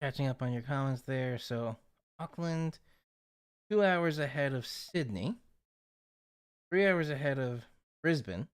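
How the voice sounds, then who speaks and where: A man's voice: medium pitch, animated, unhurried, clean tone. A man hosting a casual weather livestream, chatting with viewers and reading snowfall forecasts aloud off his screen.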